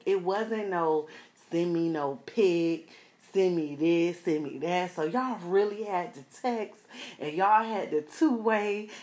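A woman in her thirties from South Florida tells a personal story to her viewers at an unhurried pace. She laughs often and talks in a loose, slangy, animated way, speaking right to the camera. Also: fairly low pitch.

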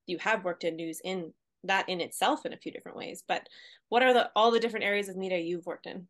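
A woman co-hosting a podcast, telling her story in a relaxed way and laughing easily. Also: lowish voice, fast. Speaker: podcast co-host. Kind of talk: casual podcast chat.

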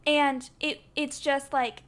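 High-voiced woman co-hosting a podcast. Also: level tone, slow pace, crowd noise. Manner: opinionated, earnest, frequent "like" fillers. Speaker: podcast co-host. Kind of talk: casual discussion.

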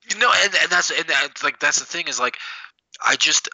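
A young man talks quickly in a bright, lively, casual podcast voice. His pitch leaps around as he acts out the people in his stories and swears freely. The recording is dry and a little dull and lo-fi. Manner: animated, profane storytelling with voiced impressions. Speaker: podcast co-host.

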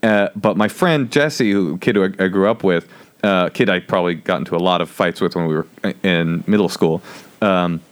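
A man's voice: low voice, moderate pace, clean tone. A man in his thirties, a comedian telling a rambling story on a podcast, full of fillers and restarts. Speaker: guest comedian.

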